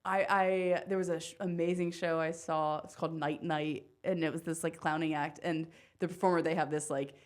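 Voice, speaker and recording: Woman from Pennsylvania, comic guest; lower pitch, quick self-deprecating wit, casual. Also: steady tone. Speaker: guest comedian. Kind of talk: casual podcast chat.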